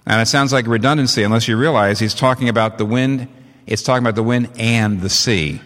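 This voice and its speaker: A man preaching a sermon, animated and leaping up in pitch to stress his points. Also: fairly quick. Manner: animated, rising in pitch for emphasis. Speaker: pastor. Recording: long hall reverb.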